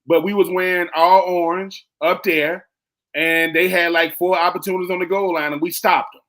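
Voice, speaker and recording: A young man talks sports with a noticeably high voice. He is emphatic and animated, hammering points by repeating them. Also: moderate pace. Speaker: co-host. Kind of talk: sports talk radio chat.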